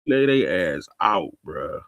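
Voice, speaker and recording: A man giving a casual, slang-heavy TV episode recap, telling the story in an animated way. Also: low voice, takes it slowly, very noisy. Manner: animated storytelling, acting out characters, laughing. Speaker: TV recap host.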